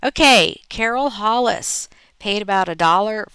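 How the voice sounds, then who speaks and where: A woman hosting a reselling channel, relaxed and chatty as she reads viewer posts aloud with her own asides. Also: medium pitch, a little slow, smooth, no room sound. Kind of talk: reading viewer posts in a casual narration.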